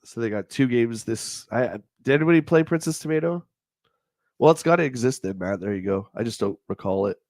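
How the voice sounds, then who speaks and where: A man's voice: mid-range voice, lively intonation, a little fast, a little mellow, no echo, clean studio sound. A man with a stuffed-up, nasal voice hosting a livestream, reading old magazine reviews aloud and riffing on them in a rambling, jokey way. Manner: rambling, jokey, reads then riffs on the text.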